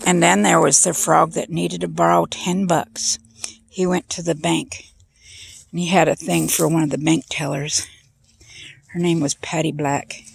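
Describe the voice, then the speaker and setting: Woman, casual rambling joke-telling, outdoors in a garden, slow, gravelly, husky. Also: low voice, flat delivery. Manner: rambling, breaks off to point out the garden. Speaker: joke teller. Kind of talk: casual storytelling.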